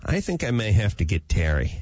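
Male talk-radio host, low and wry, runs the chat on muffled broadcast audio. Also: sing-song, fairly quick, a little mellow, slightly rough, no room sound. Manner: wry, joking, steers the show. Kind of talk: casual radio talk show banter.

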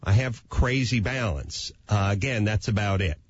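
A man, a talk show guest, telling a playful, self-mocking comic anecdote in a husky voice. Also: lowish voice, moderate pace, muffled recording, a little hiss or hum.

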